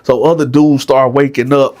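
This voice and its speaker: A man's voice: medium pitch, flat delivery, moderate pace, darkish tone. A man telling a jail story casually, often checking in with the listeners. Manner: conversational, frequent "right?", addresses listeners.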